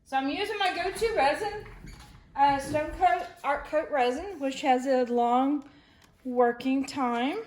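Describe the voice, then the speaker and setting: A woman's voice: high-pitched, measured pace, darkish tone, a little hiss or hum. A woman resin artist talking casually through a craft project, rambling and correcting herself as she thinks aloud.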